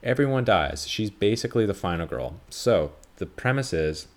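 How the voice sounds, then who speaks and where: A podcast host with a fairly low, expressive voice chats casually about a film at a moderate pace. His movie review rambles and self-corrects, and he swears freely.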